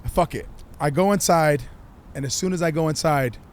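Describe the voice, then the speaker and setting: Fired-up guy telling a wild story on a podcast, kinda high voice, lots of swearing. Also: brisk. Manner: animated, profane, acts out quotes. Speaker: guest, music artist.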